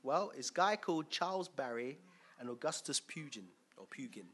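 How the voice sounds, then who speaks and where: Bright-voiced preacher. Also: male voice, on the high side, lively intonation, a little fast. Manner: chatty, asks the crowd questions, chuckles often. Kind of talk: conversational sermon with questions to the congregation.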